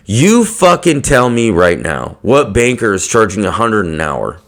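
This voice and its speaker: A man's voice: mid-range voice, very animated, normal speed. A man hosting a podcast, ranting bluntly to fellow hairdressers, swearing often and stuffing his talk with fillers. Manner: blunt, heavy swearing, lots of fillers, laughs mid-rant. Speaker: podcast host. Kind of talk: profane rant to fellow hairdressers.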